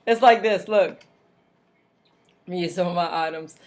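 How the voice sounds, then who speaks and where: A woman hosts a casual wrestling recap vlog from home, chatty and rambling, laughing frequently and tossing in mocking asides. Her lowish voice moves at a measured pace with long pauses, over slight background noise.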